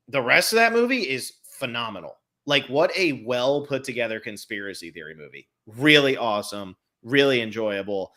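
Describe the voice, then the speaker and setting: Animated man co-hosting a film podcast. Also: medium pitch, moderate pace, hardly any pauses. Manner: animated, swearing, mocking impressions. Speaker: podcast co-host. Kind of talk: casual chat.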